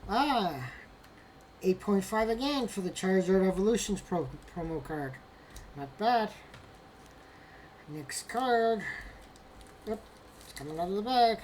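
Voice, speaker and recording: A woman's voice: mid-range voice, animated, slow, long pauses, darkish tone, a little hiss or hum. A woman casually narrating as she opens graded trading cards, talking to herself and lamenting bad results with mock drama. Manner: talks to herself while handling cards. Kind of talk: casual unboxing commentary.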